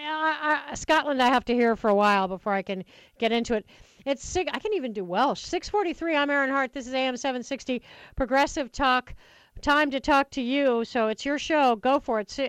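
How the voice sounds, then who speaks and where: A woman hosting a talk radio show, chatty and enthusiastic, with quick asides, speaking into a studio microphone. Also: a little high, smooth, dry recording, rough recording. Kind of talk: talk radio chat with callers.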